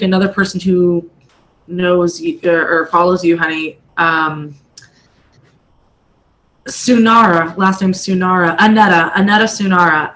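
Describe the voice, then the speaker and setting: A woman who works with clients, talking in casual chat with many pauses and restarts. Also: medium pitch, fairly bright tone, poor audio. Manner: hesitant, many fillers and restarts. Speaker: spiritual practitioner reading clients' past lives.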